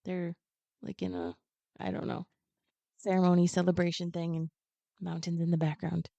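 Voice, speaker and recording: A woman retelling a children's picture book in a relaxed podcast chat, lively and expressive as she slips into the characters' lines. Her voice is mid-pitched and expressive. The sound is dry and a little dull, like a simple home setup. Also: gravelly, no room sound. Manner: animated, acts out characters' lines in quick asides. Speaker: guest.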